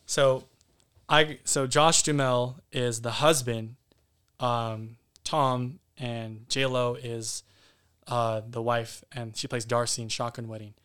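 Male podcast guest, mid-pitched and smooth, candid and loose. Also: level tone, takes it slowly, fairly bright tone. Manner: candid, casually profane. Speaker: guest actor. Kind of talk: casual podcast interview.

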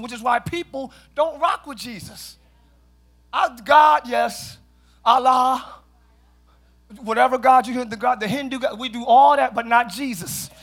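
A middle-aged male pastor preaching a sermon in a church, often shouting, with playful asides to the congregation. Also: very high-pitched, slightly rough. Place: church sanctuary.

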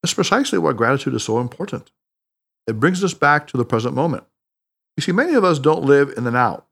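A man reading the lines of a wise, playful male mentor in an audiobook, teasing and gently insistent. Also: mid-range voice, big pitch swings, fast talker, gravelly, exaggerated voice.

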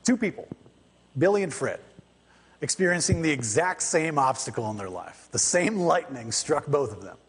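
A man preaching a sermon in church, telling a story in a conversational, animated way and acting out the people in it. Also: a little high, husky. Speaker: pastor. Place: church sanctuary. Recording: long church reverb.

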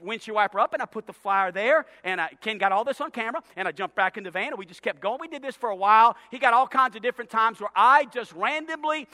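A male pastor telling a story in a sermon, animated and repetitive, swinging from hushed to loud. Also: sits high, quick pace, few pauses. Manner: animated, repeats words, swings from hushed to shouting. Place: church sanctuary. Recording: long hall reverb in a church.

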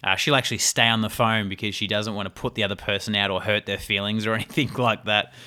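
A man's voice: on the low side, fairly even intonation, quick pace, sharp tone. A young man hosting his own podcast, talking casually in a rambling, chatty way and often laughing. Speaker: podcast host. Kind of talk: casual solo podcast talk.

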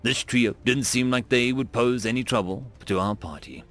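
A man narrating a science fiction story in first person with expressive storytelling. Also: mid-range voice, moderate pace. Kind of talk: scripted narration of a sci-fi story. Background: faint music.

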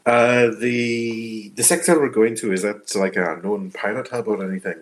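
Deep-ish guy at a tabletop game, lots of uhs, asking stuff. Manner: halting, hesitant questions with fillers. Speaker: player.

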